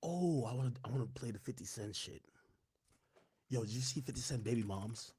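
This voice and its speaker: A man hosting a livestream, talking casually to chat in slangy speech, hoarse and losing his voice. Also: medium pitch, expressive, brisk, mellow. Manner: slangy, loose, switches to whispering. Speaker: livestream host.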